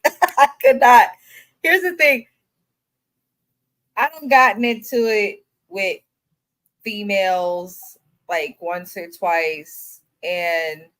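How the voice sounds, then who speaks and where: A woman co-hosting a reality TV recap, giving her blunt opinions and laughing easily. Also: sits low. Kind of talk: casual opinionated commentary.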